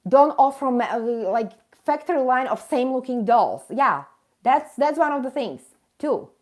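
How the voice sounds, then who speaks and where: Her voice is high-pitched, expressive, and unhurried as she delivers an impassioned rant on her live stream. Between bursts of indignation, she turns to viewers with chatty jokes at her own expense.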